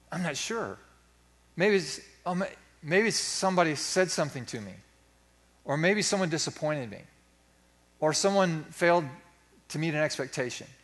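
Folksy, higher-pitched man preaching a sermon. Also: a bit bright. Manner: folksy, self-deprecating, acts out his own inner voice. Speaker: pastor.

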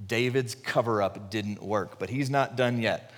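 A man preaching a conversational sermon, retelling the story animatedly and dropping his voice low for emphasis. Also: normal speed, hardly any pauses, a bit bright, big-room sound.

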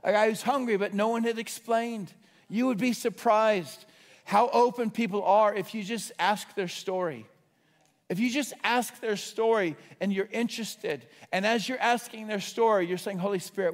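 Preacher guy with a high voice telling stories, gets loud and excited, big echoey hall. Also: normal speed. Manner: storytelling, rising to excited shouts at high points. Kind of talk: sermon.

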